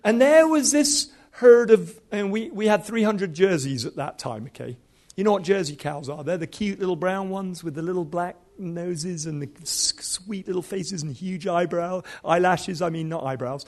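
A man's voice: sits high, normal speed, few pauses, a little mellow. A man in his fifties, a preacher telling stories in a sermon with humor and animation. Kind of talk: storytelling sermon.

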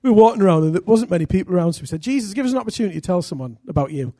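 A middle-aged preacher from England races through a sermon in a voice that sits high, telling personal stories as he goes. He's lively, self-deprecating, and prone to loud bursts of emphasis. The sound is dry and studio quality.

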